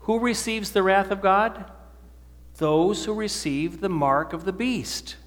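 Guy preaching a sermon, fairly high voice, quizzing the crowd, long hall echo. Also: takes it slowly, a bit bright. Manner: asks the audience questions and answers them. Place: church or meeting hall with an audience.

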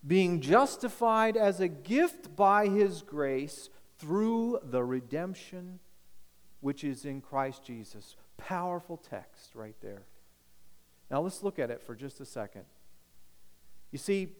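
A man preaching a sermon as pastor, emphatic, swinging from loud declarations to hushed appeals. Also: on the high side, lively intonation, slow pace, long reverb tail.

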